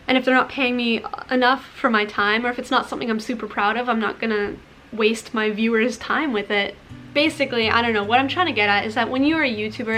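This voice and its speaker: Young woman, candid vlog, slightly high voice, faint music behind. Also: fairly bright tone. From Canada. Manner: frank, conversational, frequent "like" fillers. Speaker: YouTuber. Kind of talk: candid talking-to-camera vlog.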